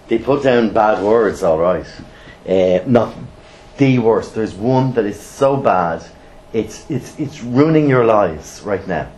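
Blunt, lively man teaching a class. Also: lowish voice, slow pace. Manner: lively, blunt, asks rhetorical questions. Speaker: trainer. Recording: roomy echo, faint background noise.

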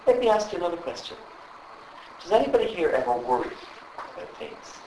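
Animated man leading a workshop. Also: high-pitched, a little fast, recorded from a distance, noisy background. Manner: animated, asks the audience constant questions. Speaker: trainer. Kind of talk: live workshop talk to a group. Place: training room with live audience. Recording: echoey room with faint ambience.

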